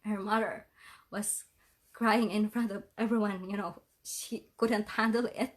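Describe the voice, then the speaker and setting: An adult parent and vlogger speaks directly to her viewers in an emotional livestream, tearful and with a voice shaky from crying. She talks in halting phrases, repeatedly apologizing and half-laughing through the tears, at a medium pitch with fairly even intonation.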